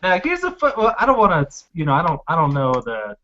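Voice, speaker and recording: A man's voice: a little high, wildly swooping pitch, quick pace, sharp tone. A man in casual podcast chat, telling rambling anecdotes with heavy swearing. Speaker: podcast co-host. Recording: dull lo-fi sound.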